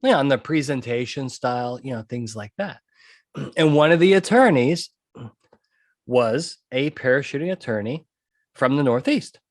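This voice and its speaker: Studio-quality and dry, the recording captures a man with an expressive mid-range voice at moderate pace. The podcast host, a trial consultant, speaks forcefully on his own, repeating what matters most and pausing to ask "okay?"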